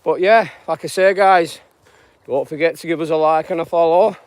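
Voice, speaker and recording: A man's voice: fairly high pitch, moderate pace, smooth, no echo. A man, chatting casually on a live-stream walk through outdoor fields, greeting viewers and musing about life. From northwest England. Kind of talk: rambling live walk-and-talk.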